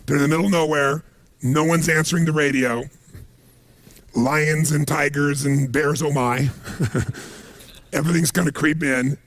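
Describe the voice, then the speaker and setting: A man giving a motivational seminar talk, telling stories in an animated, emphatic way. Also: fairly high pitch, unhurried, long pauses, no echo. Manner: animated storytelling with emphatic asides. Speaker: motivational speaker.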